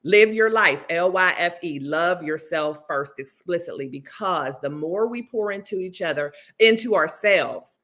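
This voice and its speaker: Bright, earnest woman life coach. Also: fairly low pitch. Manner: motivational, earnest, emphatic. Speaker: author and life coach guest. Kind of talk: livestream conversation.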